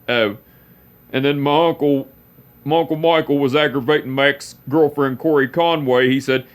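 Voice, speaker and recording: Man, personal story, halting, repeats phrases, many restarts. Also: medium pitch, steady tone.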